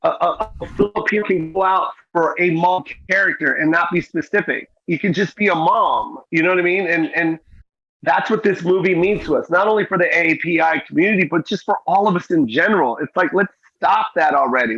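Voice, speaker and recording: A man's voice: high voice, brisk, fairly bright tone, slightly rough. Earnest middle-aged man, muffled audio. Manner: earnest, repeats "you know what I mean". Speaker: guest comedian and actor. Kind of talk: interview conversation.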